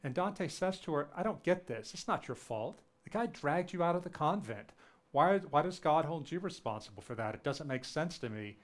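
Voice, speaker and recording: Earnest man giving a storytelling lecture. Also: normal speed. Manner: earnest, retells dialogue with lively shifts in pitch. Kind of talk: public lecture with personal storytelling. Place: lecture event before an audience.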